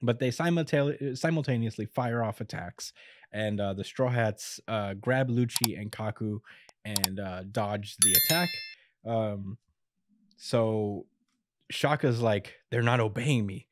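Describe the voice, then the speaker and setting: Laid-back man recapping a comic chapter. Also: on the low side. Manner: laid-back, chuckles often, acts out quotes in quick bits. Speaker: podcast co-host recapping manga. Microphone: podcast microphone.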